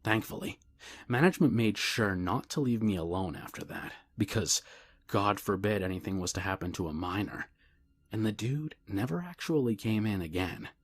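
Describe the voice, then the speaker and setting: A man reads a scary story aloud in a calm, measured way. His voice sits low and has a husky edge. At times he drops into a hushed whisper. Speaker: narrator. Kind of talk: scripted horror story narration.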